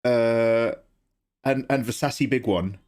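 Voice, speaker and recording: A chatty livestream artist tells rambling stories while drawing, laughing often. He speaks slowly in a medium-pitched, slightly mellow voice.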